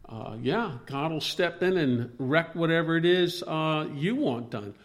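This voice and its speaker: Guy running a bible study, kinda high voice, rambles and restarts a lot, quotes old scripture. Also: lively intonation, measured pace. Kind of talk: informal Bible discussion.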